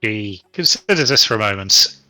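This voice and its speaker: Man, game master, relaxed rambling narration, low voice, bright forceful tone. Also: moderate pace, soft background music. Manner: relaxed, rambling, many fillers.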